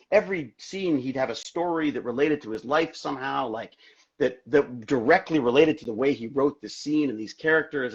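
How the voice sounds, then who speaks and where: A middle-aged man, an actor guest in a casual interview, telling stories in an excitable, rambling way full of restarts. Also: mid-range voice, breathy edge, dull audio. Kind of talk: casual video-call interview.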